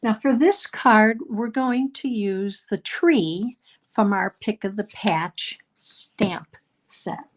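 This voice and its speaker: Slow-talking woman teaching card-making. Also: medium pitch. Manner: chatty step-by-step explaining with frequent ums. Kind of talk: live crafting class demonstration.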